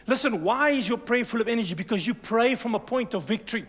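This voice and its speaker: A high-pitched male pastor preaches with lively energy, urging the congregation on and asking for their "amen." His voice rings through a church hall with a long, reverberant tail. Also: fast. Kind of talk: sermon.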